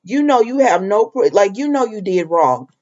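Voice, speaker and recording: A woman's voice: medium pitch, very animated, normal speed, a little mellow, dull audio. A woman chatting casually as a soap opera recap vlogger, talking straight to her viewers and the characters. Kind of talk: casual chat.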